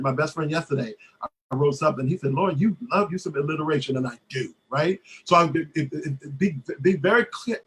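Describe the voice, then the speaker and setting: A man leading a creative writing workshop, telling stories in a lively way with many fillers and restarts. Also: a little high. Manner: animated storyteller, many fillers and restarts, acts out quoted voices. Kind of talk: casual workshop talk.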